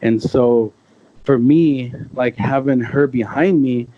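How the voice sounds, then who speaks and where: Guest man, 30s, excitable storyteller, slangy and rambling, mid-pitched voice on a muffled recording. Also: slow. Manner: excited, conversational, peppered with "bro" and "like". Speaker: podcast guest. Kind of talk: casual storytelling.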